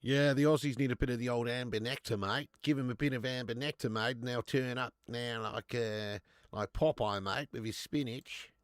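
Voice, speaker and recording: A young man talks through a live football match for his stream viewers. He gets excitable, swears casually and reads chat comments aloud. His mid-pitched voice sounds dry and close, with no room echo. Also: normal speed, few pauses.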